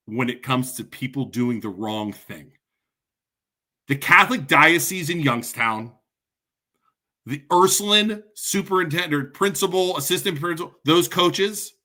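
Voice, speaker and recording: A man's voice: a little high, pushed and bright. A man hosting a podcast, a parent and coach delivering a furious, ranting monologue full of punchy repetition. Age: adult, parent. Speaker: podcast host. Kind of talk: angry monologue to camera.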